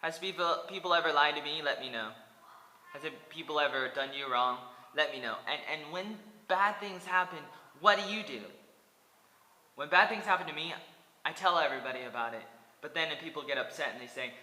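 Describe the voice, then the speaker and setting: A man's voice: fairly high pitch, fairly quick, pushed and bright, roomy sound, in a large hall. A man in his twenties from Oregon, rambling earnestly in a personal vlog and speaking straight to his viewers, repeating himself. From Oregon, USA. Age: 20s. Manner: earnest and repetitive, addressing viewers directly. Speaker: vlogger.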